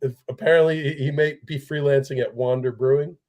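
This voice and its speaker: A man's voice: mid-range voice, steady tone, brisk, darkish tone. A man appearing as a guest brewmaster, chatting casually and laughing as he talks. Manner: amused, laughing while talking. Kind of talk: casual chat.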